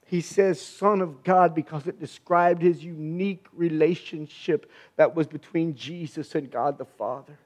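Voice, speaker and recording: A man's voice: on the high side, fairly even intonation, a little slow, hardly any pauses. A man preaching a sermon in a fervent, emphatic way, repeating phrases for stress.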